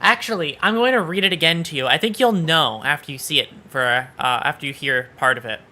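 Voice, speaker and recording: A man's voice: on the high side, fairly quick, pushed and bright. A man streaming live, chatting casually and teasing his viewers, with playful swearing. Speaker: VTuber streamer.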